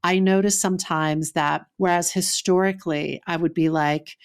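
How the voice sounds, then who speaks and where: A woman's voice: on the low side, steady tone, moderate pace, few pauses, clear, resonant tone. A woman co-hosting a podcast, talking candidly and laughing at herself. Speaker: podcast co-host. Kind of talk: casual chat.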